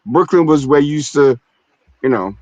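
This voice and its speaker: Slangy new york guy talking loose on a stream, kinda high voice, muffled dry sound. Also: animated, moderate pace, darkish tone, no echo. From New York City. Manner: loose, slangy storytelling with frequent "you know what I'm saying". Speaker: stream host. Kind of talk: casual streamed conversation. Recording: dull, dry streamed audio.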